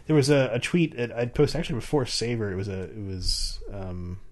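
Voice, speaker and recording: A man's voice: lowish voice, animated, brisk. A man co-hosting a podcast, explaining things in casual chat with many restarts and fillers. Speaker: podcast co-host.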